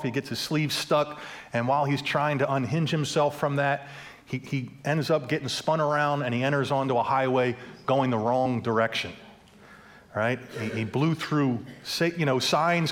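A man preaching a sermon in a church, telling a story in a relaxed, conversational way with fillers and repeated words. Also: medium pitch. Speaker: pastor.

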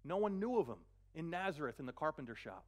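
A man's voice: fairly high pitch, sing-song, a little mellow. A man preaching a sermon, earnest, often repeating a word as he gathers his thoughts. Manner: earnest, repeats words while searching, slows for scripture. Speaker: pastor.

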